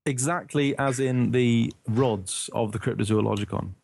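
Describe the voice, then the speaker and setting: A man's voice: medium pitch, moderate pace, gravelly, a little mellow, slight background noise. A man from the UK in casual podcast chat, rambling and searching for words, laughing often.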